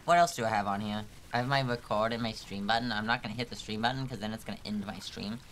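Man, game streamer, bright voice, teasing and mock-dramatic, casual live chat. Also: fairly low pitch, fast, a little hiss or hum.

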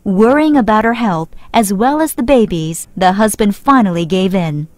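A woman telling a children's fairy tale in clear, expressive, measured scripted narration. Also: medium pitch, no room sound.

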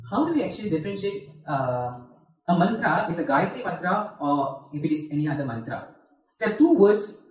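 A man with a Malaysian English accent giving a devotional talk, explaining patiently and chanting mantra lines slowly to demonstrate. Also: fairly high pitch, a little mellow. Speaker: spiritual teacher. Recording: echoey hall, voice from far off.

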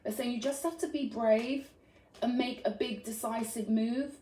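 A woman's voice: a little high, fairly even intonation, moderate pace, mellow, a little hiss or hum. A woman giving an earnest, affectionate tarot reading, often checking in with "right?". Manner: earnest and affectionate, frequent "right?" tag questions. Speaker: tarot reader. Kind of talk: spiritual tarot reading to camera. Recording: roomy echo.

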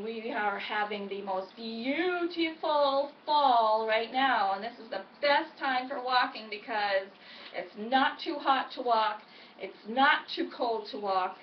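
Upbeat high-voiced Midwestern woman vlogging. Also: unhurried, a little hiss or hum. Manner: upbeat, chatty, encouraging. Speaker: weight-loss vlogger. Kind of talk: casual chatty vlog. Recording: echoey, distant, dull home recording.

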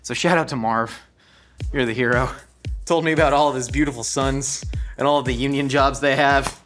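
A man hosting a cooking show, narrating his cooking with rambling jokes and quick anecdotes. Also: medium pitch, fairly even intonation, a bit bright, soft background music. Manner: rambling, joking, doing quick voices for anecdotes. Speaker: host and chef.

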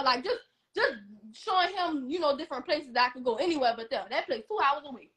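A young woman, telling her own story in a blunt, animated, casual way and often repeating herself. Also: sits high, quick pace.

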